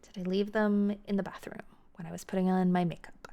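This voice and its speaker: Gravelly-voiced American woman streamer. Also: fairly low pitch, little pitch movement, dark tone. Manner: chatty and rambling, quick laughs, frequent restarts. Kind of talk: casual live-stream chat, answering chat.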